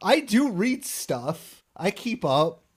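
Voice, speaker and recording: A man co-hosting a podcast, chatting casually about a cartoon episode, quick to object and joke about himself. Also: sits high, big pitch swings, husky. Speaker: podcast co-host.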